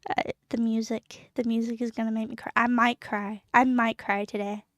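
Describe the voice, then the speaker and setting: A young woman streaming casually, giggly and excitable, chatting to her viewers. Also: fairly high pitch, moderate pace, dry recording, studio quality. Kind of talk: casual live-stream chat.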